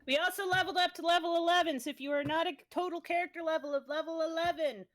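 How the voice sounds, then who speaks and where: A woman's voice: extremely high pitch, fairly even intonation, fast talker, a bit bright. A woman streamer casually recapping a tabletop game session, swearing freely as she tells it. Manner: profane, breezy storytelling.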